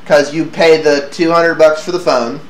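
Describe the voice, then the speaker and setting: A man's voice: a little high, steady tone, moderate pace. A man hosting a casual tech chat, stumbling over restarts and laughing often. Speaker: podcast host. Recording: echoey room with faint noise.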